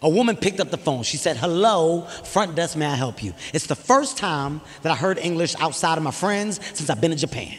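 A man doing stand-up comedy, telling stories in a loud, animated, profane way and acting out other characters. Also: a little high, brisk, few pauses, in a large hall. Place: stage before a live audience.

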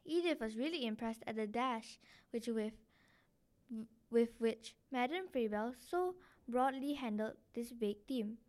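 A woman's voice: fairly high pitch, animated, a little slow, darkish tone. A woman podcast host reading a romance novel aloud and speaking directly to her listeners in a friendly way. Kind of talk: read-aloud storytelling.

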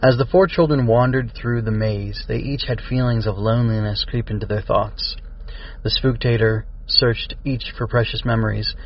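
A man's voice: medium pitch, steady tone, moderate pace, lo-fi sound. A man reading his own children's stories aloud and sharing a writing log. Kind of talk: storybook narration and writing log.

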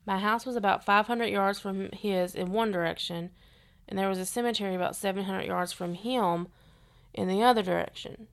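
A woman reads eerie listener stories aloud on a podcast. Her voice sounds smooth and clear, and her delivery stays steady and earnest. Her pitch sits in the middle range. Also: moderate pace. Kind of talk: reading stories aloud, casual chat.

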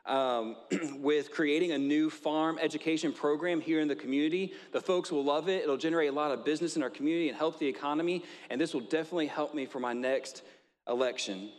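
A man's voice: a little high, quick pace, long reverb tail, voice pushed up, lightly acted. A man playing a self-serving local politician thinking of his next election. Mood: scheming.

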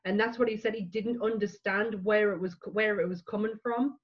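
A woman chatting casually, telling a story quickly and emphatically. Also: mid-range voice, fairly even intonation, lo-fi sound. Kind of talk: casual chat.

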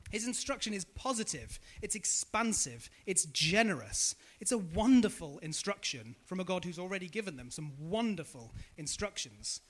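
A male preacher giving a sermon in a high, bright voice that swoops all over as he talks. He keeps putting questions to the congregation and echoing back their answers. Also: very animated, normal speed, hardly any pauses.

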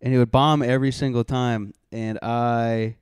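A man's voice: mid-range voice, little pitch movement, normal speed, a little mellow, clear, resonant tone, no echo, studio quality. A young man co-hosting a podcast, telling stories in a crude, joking, laughing way in casual chat. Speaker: podcast co-host.

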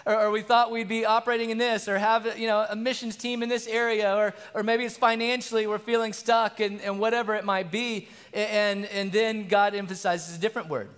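High-voiced pastor preaching in a reverberant church. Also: male voice, level tone, brisk, few pauses, a bit bright, clean tone. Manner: earnest, conversational preaching. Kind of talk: sermon. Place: church sanctuary.

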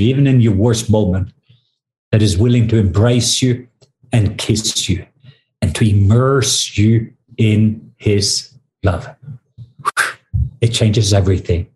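A middle-aged man from Norway, a guest minister, leading a slow, drawn-out spoken prayer. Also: on the low side, a little mellow, a little hiss or hum.

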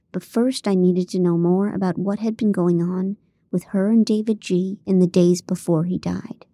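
A woman's voice: lowish voice, mellow, dry recording. A woman narrating a first-person audiobook in a dry, comic way on a close studio mic.

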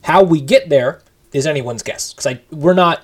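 Male co-host, loose conversational recap, wry and lively. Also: on the high side, moderate pace. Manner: animated, sarcastic recapping. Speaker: podcast co-host. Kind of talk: casual wrestling chat.

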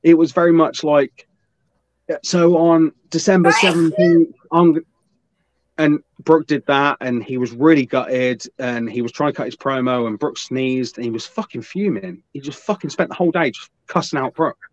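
A man's voice: mid-range voice, a little fast, hardly any pauses. A man telling a profane, rambling anecdote on a podcast, slipping into quoted voices. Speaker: podcast guest. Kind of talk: casual storytelling. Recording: dull, slightly lo-fi dry sound.

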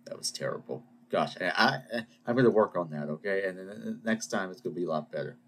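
A man's voice: sits low, lively intonation, quick pace, hardly any pauses, fairly bright tone, slight background noise. A man hosting his own podcast, ranting and rambling in a self-deprecating way. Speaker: podcast host. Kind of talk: solo rant podcast.

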